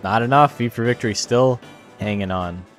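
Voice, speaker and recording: A tournament commentator gives loose, joking live-stream commentary on a game, rambling on with lots of "like" and swearing freely. His voice sits at a medium pitch and moves at a moderate pace, with faint music in the background.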